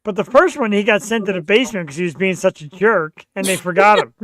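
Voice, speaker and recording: Male talk host, bright voice, animated and jokey. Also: sits high, fast, no room sound. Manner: animated storyteller, jokey and self-mocking. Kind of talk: casual chat.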